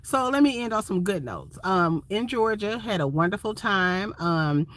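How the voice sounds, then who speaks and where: A woman's voice: medium pitch, lively intonation, moderate pace, fairly bright tone. A woman from Ohio, a van-life vlogger chatting casually and expressively with viewers on a phone livestream. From Ohio, USA.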